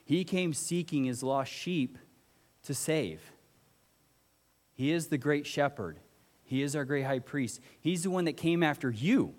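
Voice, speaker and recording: A man's voice: on the high side, lively intonation, unhurried, a little mellow. A man preaching a sermon to his congregation in an earnest, conversational way, putting direct questions to the listeners. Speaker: pastor. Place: church. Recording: church hall reverb.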